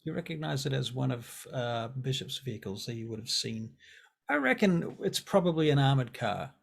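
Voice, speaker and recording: A man narrating as game master of a tabletop role-play, relaxed and joking. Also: medium pitch, moderate pace, vocal fry, husky.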